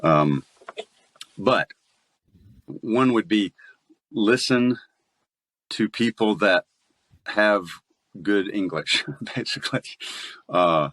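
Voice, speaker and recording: Southern guy talking shop, laid back and chatty, lowish voice, dry close mic. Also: very slow, long pauses, a bit bright, no echo. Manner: easygoing and chatty, laughs often. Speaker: voice actor guest. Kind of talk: casual interview chat.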